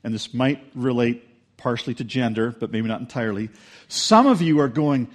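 A man preaching a sermon in a relaxed, conversational way, telling a story and acting out the quotes with energy. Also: medium pitch, brisk. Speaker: pastor.

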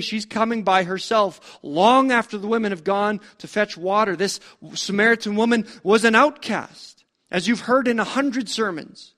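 High-voiced preacher asking rhetorical questions. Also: male voice, normal speed, fairly bright tone. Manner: conversational, full of rhetorical questions. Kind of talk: storytelling sermon.

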